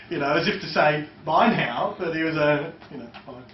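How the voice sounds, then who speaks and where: High-voiced man teaching in an echoey hall. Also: fairly even intonation, quick pace, slight background noise. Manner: chatty, loose and conversational, with many fillers. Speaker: seminar trainer. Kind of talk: live workshop teaching. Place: seminar room with a live audience. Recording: echoey, distant, dull lo-fi room recording.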